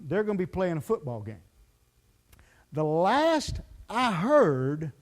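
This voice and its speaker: A man preaching a sermon as pastor, telling the story in a lively, folksy way full of "you know" fillers. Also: high-pitched. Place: church sanctuary.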